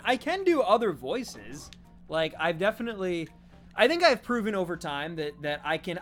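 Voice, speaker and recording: A man's voice: sits high, fairly bright tone. A man from Canada streaming a game, rambling and joking as he answers his chat in casual talk.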